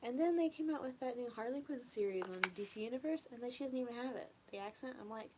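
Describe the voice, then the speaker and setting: Young woman, casual soft chat, rambling, slips into whispers, faint background noise. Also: fairly high pitch, fast talker, hardly any pauses. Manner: relaxed, rambling, often trails off into a whisper. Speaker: ASMR streamer chatting with viewers.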